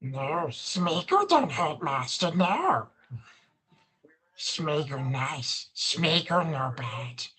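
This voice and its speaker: A wretched, obsessive cave creature, creeping along in a low, hushed and warped voice. His broken phrases come out slowly, hissing and pleading by turns. It is a live-stream impression with a strange, distant timbre. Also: very animated, full character voice. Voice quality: lower, quiet, drawn-out and strange. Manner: slow, broken, pleading speech.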